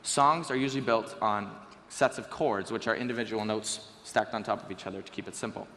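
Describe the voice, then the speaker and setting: A teenage boy giving a lively, joking talk on stage to a school audience. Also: on the low side, fairly quick, a little hiss or hum. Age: teens. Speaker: student speaker. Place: school auditorium. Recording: reverberant hall with faint ambience.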